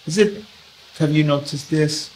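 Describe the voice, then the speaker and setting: A man's voice: fairly high pitch, measured pace, a little mellow, a little hiss or hum, poor audio. A man hosting a podcast interview, asking questions while searching for words. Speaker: podcast host.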